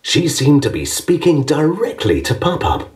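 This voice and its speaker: A man narrating a children's storybook in an expressive, measured way. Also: on the high side. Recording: distant, with background music.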